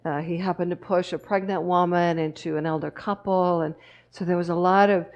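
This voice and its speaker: A woman's voice: fairly low pitch, fairly even intonation, fairly quick, lo-fi sound. A woman minister giving a sermon, telling stories and asking the congregation rhetorical questions. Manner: warm storytelling with rhetorical questions. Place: church sanctuary.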